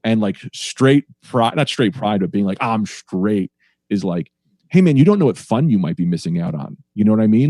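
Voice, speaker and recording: A man's voice: on the low side, dark tone, no echo, clean studio sound. A man, a stand-up comedian, talking casually on a podcast and playing with sing-song inflections.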